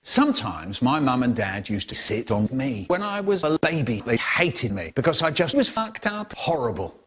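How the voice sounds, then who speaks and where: Animated man telling stories. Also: medium pitch, breathy edge. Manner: animated, expressive storytelling. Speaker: storyteller. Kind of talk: spliced comic storytelling clips.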